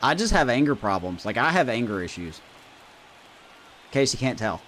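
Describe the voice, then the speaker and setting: A man's voice: medium pitch, moderate pace. A man streaming a baseball video game, cheering plays, ranting and chatting with his viewers. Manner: animated, cheering and ranting, talks to chat. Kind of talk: live gameplay commentary.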